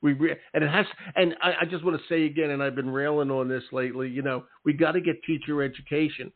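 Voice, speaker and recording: A man's voice: on the high side, fairly even intonation, quick pace. Male talk-radio host, emphatic and chatty, thin phone-line audio. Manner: emphatic, peppers talk with "okay?" and "all right". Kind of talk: casual interview talk.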